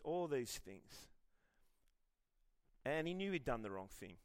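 A middle-aged Australian man preaching a sermon in a lively, conversational way, telling personal stories with self-deprecating humour. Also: medium pitch, takes it slowly, long pauses. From Western Australia. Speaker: pastor.

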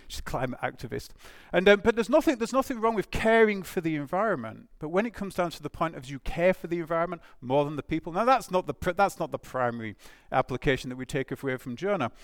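Animated male preacher, lively pitch. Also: dry recording, studio quality. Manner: animated, emphatic, with restarts and rhetorical questions. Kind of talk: sermon.

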